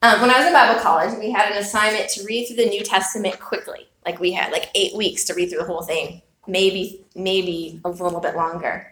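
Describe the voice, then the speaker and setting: A woman's voice: medium pitch, fairly even intonation, brisk, hardly any pauses, a bit bright. A woman preaching a sermon, telling a personal story with earnest, reflective rhetorical questions. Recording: echoey room.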